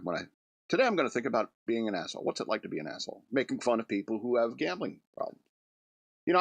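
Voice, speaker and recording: A man's voice: fairly low pitch, a bit bright, no echo. Rambling, chuckling male radio host. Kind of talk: rambling comedic monologue.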